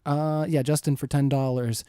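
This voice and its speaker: A man's voice: a little high, flat delivery, normal speed, warm tone, clean tone, dry recording, clean studio sound. A man in his thirties moderating a live-streamed debate, reading viewer questions in an easygoing, rambling way. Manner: easygoing, rambling, chuckles often.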